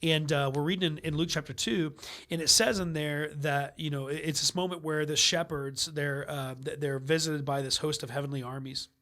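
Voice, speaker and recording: A man, a pastor guest on a podcast, telling stories in lively casual conversation with quick asides and easy laughter. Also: fairly high pitch. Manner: animated storyteller, quick asides and restarts, laughs easily.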